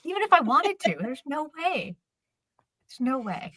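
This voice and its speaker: A woman gushes through a casual chat about her favorite shows, her voice bright and ringing. Her pitch leaps around in lively swings, and the sound is close and dry. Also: no room sound. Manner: animated, gushing, quick asides. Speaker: co-host.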